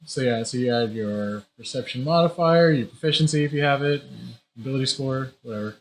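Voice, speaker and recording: A man's voice: medium pitch, a little fast, slight background noise. A young man running a tabletop game, explaining rules and describing scenes in a loose way with many fillers. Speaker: game master.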